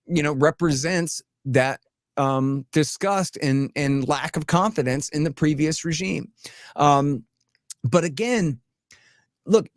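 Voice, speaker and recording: A man's voice: on the high side, no room sound, studio quality. A man speaking as a guest in a casual podcast conversation, blunt and emphatic, firing off lists of points with rising heat. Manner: emphatic, blunt and animated, piling up rapid lists; mocking tone when voicing opponents.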